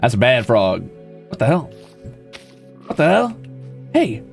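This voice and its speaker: A man streaming a building game, playful and swearing casually, who jumps into high squeals when greeting creatures and chats with viewers. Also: huge pitch swings, slow, gravelly, faint music behind. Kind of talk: live gameplay commentary.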